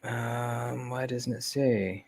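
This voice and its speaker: A man hosting a casual livestream, talking in a relaxed, rambling way with frequent pauses, fillers and trailing-off remarks, close to a desk mic. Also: mid-range voice, husky. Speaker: knife channel host.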